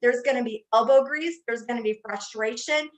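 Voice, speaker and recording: Older woman, motivational team-building speaker, high pitch, emphatic storyteller. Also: moderate pace, rough recording. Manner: emphatic, storytelling, repeats phrases for effect. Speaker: network marketing speaker. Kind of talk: motivational talk.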